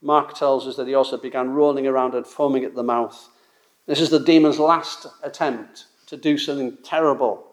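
A man's voice: mid-range voice, steady tone, normal speed. A man preaching an expository sermon. He talks emphatically, repeats his points and asks rhetorical questions.

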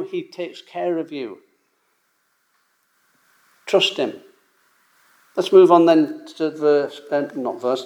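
A man's voice: a little high, darkish tone. A man preaching a sermon in a conversational, emphatic way, full of rhetorical questions and casual asides.

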